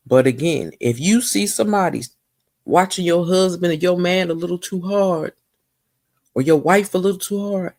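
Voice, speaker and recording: A woman giving a casual, gossipy recap of a TV episode, animated and talking straight to her viewers. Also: low-pitched, dry recording, clean studio sound. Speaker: TV recap vlogger.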